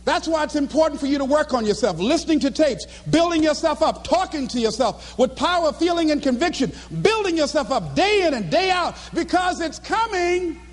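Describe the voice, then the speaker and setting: A man giving a live motivational speech in a fervent, preacher-like cadence, often breaking into shouts. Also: extremely high pitch, lively intonation, fairly quick, few pauses, in a large hall. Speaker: motivational speaker.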